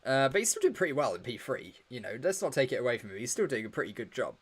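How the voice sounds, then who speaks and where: A man hosts a relaxed live watch-along, commenting off the cuff and answering viewers' questions with a teasing, joking manner. He sounds tired and yawns now and then. His voice sits at an ordinary middle pitch for a man. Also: quick pace, slightly rough. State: tired, yawning. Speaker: livestream host.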